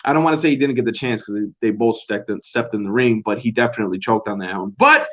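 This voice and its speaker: A man's voice: lowish voice, sing-song, quick pace, a bit bright. A young man hosting a casual solo recap show at home, rambling and swearing in a laid-back way. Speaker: podcast host. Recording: dull lo-fi home recording.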